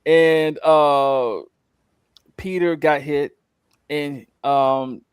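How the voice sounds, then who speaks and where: A man talking casually on a podcast, telling a story in a loose, rambling way full of fillers and acted-out lines. His voice sits a little high for a man. The sound is close and dry, with no room echo. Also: drawn-out words, clear, resonant tone. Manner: rambling, animated retelling with acted-out quotes. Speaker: co-host recapping a show.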